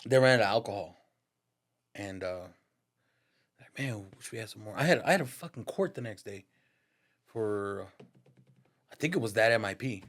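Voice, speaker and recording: A man's voice: on the low side, expressive, moderate pace, pauses often, fairly bright tone. Man telling a profane story. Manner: profane, slang-heavy, addresses listener as "dog"; laughs through his stories. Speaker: podcast guest, barber. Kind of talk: casual storytelling.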